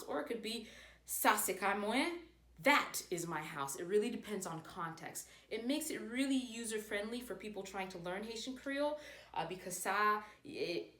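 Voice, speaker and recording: A woman giving a casual language lesson, modeling phrases slowly and carefully. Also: medium pitch, fairly bright tone. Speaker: language teacher. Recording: echoey room.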